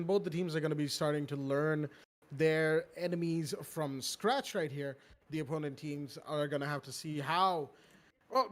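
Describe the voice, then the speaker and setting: High-voiced man calling esports action. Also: background noise. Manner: energetic, rapid, with chatty asides. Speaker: esports caster. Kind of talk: play-by-play esports commentary. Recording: game gunfire audible under voice. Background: in-game gunshots and ambience.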